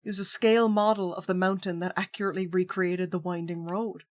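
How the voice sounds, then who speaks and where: A woman's voice: on the low side, brisk, no echo, clean studio sound, close to an everyday voice. Woman reading an earnest young man narrating. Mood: uneasy. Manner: steady, earnest first-person narration. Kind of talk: reading a visual novel aloud.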